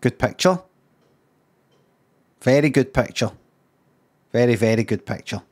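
A man's voice: medium pitch, measured pace, darkish tone. A Scottish man streaming, making dry, mumbling asides as he browses photos. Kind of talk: casual commentary while browsing photos.

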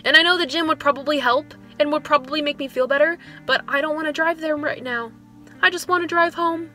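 A woman's voice: high-pitched, a little fast, sharp tone, faint music behind. A young woman in her twenties, a schoolteacher, venting in a casual vlog, rambling with lots of "like" and sounding dejected. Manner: rambling storytelling, filler "like" throughout. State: dejected, low on motivation. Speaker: elementary school music teacher.

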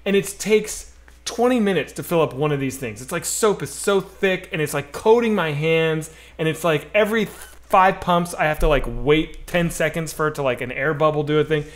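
A man's voice: on the high side, normal speed. A man co-hosting a casual podcast, ranting through a story with lots of swearing and a constant "like". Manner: ranting, profane, heavy use of "like". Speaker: podcast co-host.

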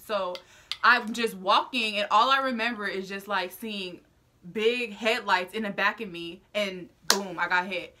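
A young woman vlogger telling a personal story to her viewers in a chatty, animated, slang-filled way. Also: a little high. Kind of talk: storytime vlog.

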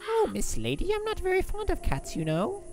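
A woman's voice: very high voice, wildly swooping pitch, moderate pace, darkish tone, soft background music, full character voice. A woman voicing a polite, frail old male rat who speaks courteously and apologetically, in a game playthrough. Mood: courtly.

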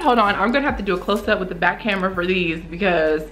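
A young woman with an excited casual unboxing vlog, gasping and exclaiming as she opens packages. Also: quick pace, few pauses, faint music behind. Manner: gasping, exclaiming, swooping up high when thrilled. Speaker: beauty vlogger unboxing small-business packages.

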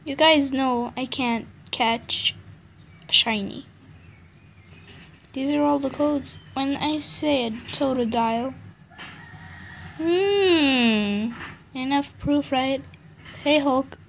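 Young female gaming host, high and unhurried, annoyed ranting commentary. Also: vocal fry, slight background noise. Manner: annoyed, ranting, muttering asides. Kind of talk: casual game commentary.

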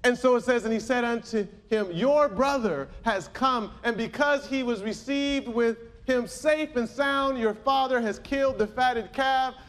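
High-voiced, slow-preaching male pastor. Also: a bit bright. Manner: preaching with calls to the congregation; reads scripture aloud in King James wording. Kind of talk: sermon.

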